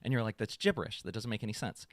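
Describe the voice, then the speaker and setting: A man co-hosting a casual podcast, telling a story with a pitch that swings all over the place. He acts out what people said in a raised voice. The sound is dry and close. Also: racing, no echo. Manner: animated, acts out quotes in a raised voice. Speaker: podcast co-host. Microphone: studio podcast mic.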